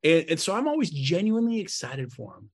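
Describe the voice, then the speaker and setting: Gravelly, energetic man acting out sales talk. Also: brisk. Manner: energetic, acts out sales dialogues with big pitch swings. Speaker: real estate agent, podcast guest. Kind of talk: conversational coaching talk.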